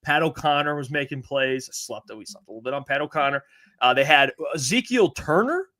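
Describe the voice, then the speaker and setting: A man co-hosting a sports talk show, excitable and jokey. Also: a little high, brisk. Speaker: co-host.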